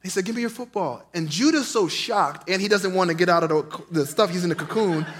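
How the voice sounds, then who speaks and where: A man, a pastor, preaching a sermon in an animated storytelling way, swinging from loud, passionate lines to hushed asides. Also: high-pitched, fairly quick.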